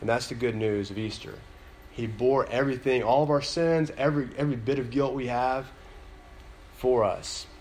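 A man's voice: mid-range voice, normal speed, darkish tone, a little hiss or hum. A man giving a sermon in a conversational style, full of fillers and restarts, now and then building to an emphatic point. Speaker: pastor.

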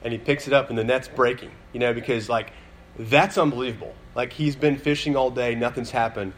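A man's voice: mid-range voice, a little fast, slight background noise. A man giving a sermon in a conversational style, full of fillers and restarts, now and then building to an emphatic point. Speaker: pastor.

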